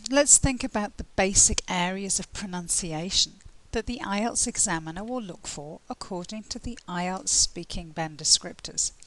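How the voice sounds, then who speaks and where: A woman with an English accent giving a pronunciation lesson, speaking in a clear, deliberate teaching manner and slowing down to spell out examples. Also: lowish voice, a bit bright, poor audio. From England. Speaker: IELTS tutor.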